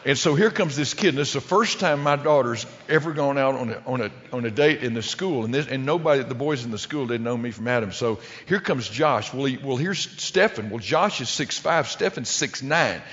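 A man's voice: medium pitch, a little fast, hardly any pauses, fairly bright tone. Middle-aged man, humorous rambling storyteller on stage; dull lo-fi sound, long hall echo. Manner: rambling, with many restarts and stumbles. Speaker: public speaker telling a story. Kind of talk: humorous storytelling to a live audience. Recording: lo-fi recording with long hall reverb.

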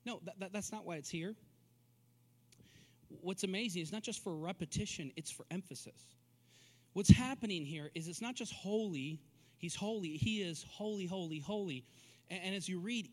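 Man preaching with a high voice. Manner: repeats words when building emphasis, rising to forceful declarations. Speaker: pastor. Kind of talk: sermon. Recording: long reverb of a hall.

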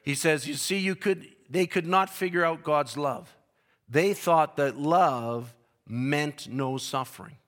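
A man preaching a sermon, building to shouted peaks and dropping to slow, hushed reading, with emphatic repetition. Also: on the high side.

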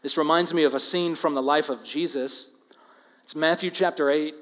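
A man's voice: on the high side, fairly even intonation, moderate pace. Earnest preacher man in a reverberant hall. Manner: earnest, emphatic, swings between loud stress and quiet asides. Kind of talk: expository sermon. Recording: long reverb of a large hall.

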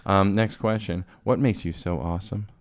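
A man's voice: sits low, fairly even intonation, normal speed, no echo. A man hosting a podcast in casual chat, rambling and joking with frequent restarts. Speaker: podcast host.

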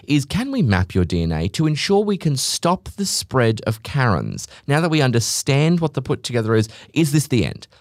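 A low-voiced man, a podcast host and business owner, delivers a casual monologue with studio quality and no room sound. He rants sarcastically, swears freely, and animatedly mimics other people in high voices.

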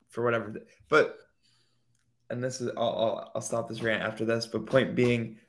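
A man's voice: mid-range voice, steady tone, moderate pace. A man co-hosting a podcast in casual chat, rambling with many fillers and putting on mocking voices when he quotes others. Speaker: podcast co-host.

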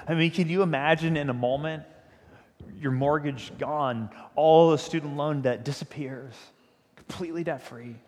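A man's voice: on the high side, moderate pace, darkish tone. Man preaching in a reverberant hall. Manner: conversational, emphatic storytelling. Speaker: pastor. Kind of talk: sermon. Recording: long reverb of a large hall.

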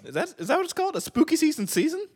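Male podcast co-host, high and very animated voice, playful punning delivery. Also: racing. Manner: playful, wordplay-loving. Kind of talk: casual podcast chat.

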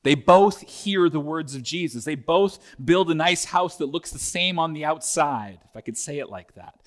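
A man's voice: fairly high pitch, lively intonation, moderate pace, few pauses. Man preaching an earnest sermon. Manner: earnest preaching, building intensity through repeated phrases. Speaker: pastor.

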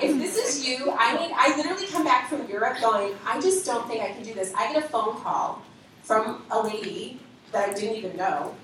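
A woman's voice: medium pitch, normal speed, background noise. Woman sharing a testimony at church, acts out everyone's lines, far off mic, lots of hall echo. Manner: lively storytelling, acting out quoted conversations. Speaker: ministry leader. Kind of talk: testimony to a congregation.

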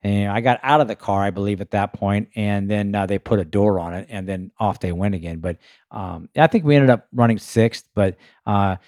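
A man with a lowish voice tells a racing story in a loose, chatty way, full of fillers and vivid sound effects. The recording is dry and close, with no room around him. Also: normal speed, no room sound. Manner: animated anecdote-telling with frequent fillers. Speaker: race car driver guest. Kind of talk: casual storytelling.

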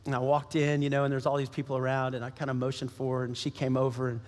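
A man's voice: medium pitch, completely flat delivery, quick pace. A man preaching a sermon as pastor, emphatic and repeating his key phrases. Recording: long hall reverb.

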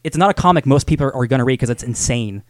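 A man co-hosting a casual comic-book chat, talking quickly and excitedly with lots of restarts. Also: mid-range voice, dry recording. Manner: fast, excited, full of restarts. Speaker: podcast co-host.

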